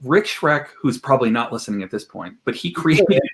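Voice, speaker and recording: An animated man speaks as a guest expert on a podcast, his voice sitting at an ordinary middle pitch. He tells stories with plenty of energy and drops into quoted voices along the way. He sounds like he is talking over a video call from a room at home. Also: brisk. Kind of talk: podcast interview storytelling. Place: home room with collected objects.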